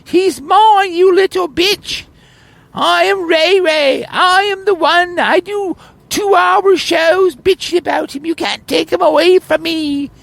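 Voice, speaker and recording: A man voicing a drunk, jealous woman who rants and raves in a high shrieking falsetto, possessive and wild. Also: steady tone, slow, creaky, fairly bright tone, dry recording, exaggerated voice. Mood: ranting. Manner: ranting and raving, possessive. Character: drunk jealous woman YouTuber, ranting, shrill.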